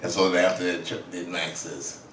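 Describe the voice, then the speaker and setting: A man's voice: deep voice, normal speed, slight background noise. A man speaking as an author and guest at a public talk, telling a story at a leisurely pace and acting out the quotes. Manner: leisurely, animated storyteller who acts out the quotes. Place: event hall. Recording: roomy hall audio from a distance.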